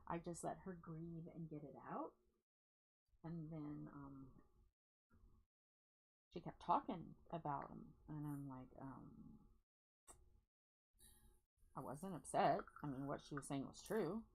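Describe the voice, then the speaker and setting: A woman's voice: low-pitched, slow, long pauses, a little mellow, breathy edge, poor audio. A woman hosting a crafting livestream, telling candid, rambling stories to viewers in chat. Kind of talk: casual chat while crafting.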